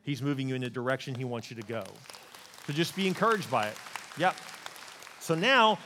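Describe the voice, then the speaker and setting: A male pastor preaching a sermon, telling the story in an animated, joking way. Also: medium pitch, a little fast, in a large hall, a faint crowd, slight background noise.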